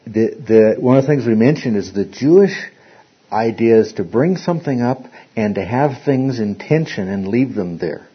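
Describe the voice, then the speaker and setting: A man's voice: mid-range voice, expressive, normal speed, slightly rough. A man teaching an interactive Bible study, rambling and often repeating words as he restarts his sentences. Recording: dull lo-fi recording.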